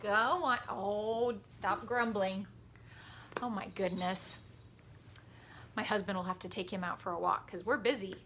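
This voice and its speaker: A woman music teacher giving a warm, patient lesson to children from her home over a computer microphone, chatty and quick to laugh. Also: mid-range voice, fairly even intonation, a little hiss or hum. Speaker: elementary school music teacher. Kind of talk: gentle, encouraging virtual lesson for children.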